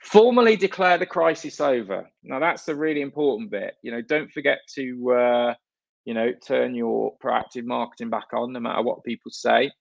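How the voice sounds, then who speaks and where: A man's voice: medium pitch, creaky, no room sound, highs cut off. A man from northern England giving a blunt, jokey, sweary conference talk on stage. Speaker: conference speaker.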